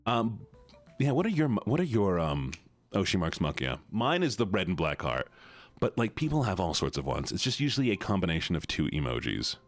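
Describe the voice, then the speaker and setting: Low, lively man streaming. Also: a little fast, no echo, faint music behind. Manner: animated, playful, teasing. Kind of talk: casual live-stream chat.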